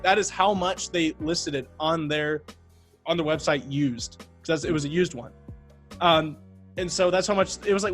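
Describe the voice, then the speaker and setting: A man tells a long, rambling story as a podcast guest, full of fillers and quick asides. His voice sits a little high for a man. Faint music plays quietly in the background. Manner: rambling, animated retelling with frequent fillers. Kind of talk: casual storytelling.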